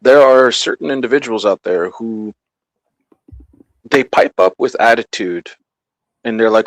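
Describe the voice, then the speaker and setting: A man's voice: mid-range voice, measured pace, pauses often, no echo, poor audio. Blunt, profane ranting man. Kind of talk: heated casual panel talk.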